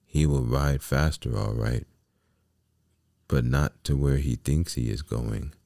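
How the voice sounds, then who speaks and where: A sly storybook coachman, as a man puts him on, smooth-talking and coaxing. The voice is very deep, slow and gravelly, with a dark, dry sound. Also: no room sound, exaggerated voice. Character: sly male coachman luring a boy.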